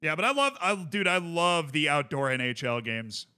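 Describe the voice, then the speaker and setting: Bright, excitable male streamer. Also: fairly high pitch, moderate pace, smooth. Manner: enthusiastic and rambling, filler-heavy. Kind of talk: casual chat reacting to video clips.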